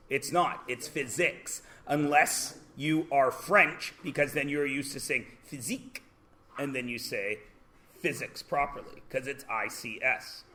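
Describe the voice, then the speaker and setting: A man's voice: mid-range voice, pushed and bright. A Canadian man teaching a math class in a classroom, chatty, asking the class questions and answering them himself.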